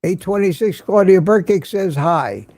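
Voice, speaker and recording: A man's voice: high-pitched, lively intonation, moderate pace, darkish tone, no room sound. An older man hosting a casual morning livestream, chatting and greeting viewers by name as he reads their comments. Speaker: livestream host.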